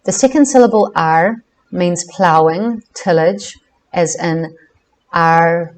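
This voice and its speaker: Woman, lowish voice, careful book reading, measured delivery. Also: darkish tone, rough recording. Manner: careful, measured reading with self-corrections on names. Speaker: reader of a book.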